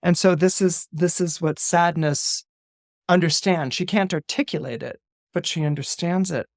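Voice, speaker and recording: A man, a guest astrologer on a podcast, retelling a film in casual, animated storytelling with laughs and restarts. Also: fairly high pitch, normal speed, no echo, clean studio sound.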